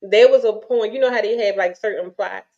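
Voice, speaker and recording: A woman's voice: medium pitch, a little fast, dull audio, over a noisy crowd. A woman in a casual chat, telling stories and often trailing off mid-sentence.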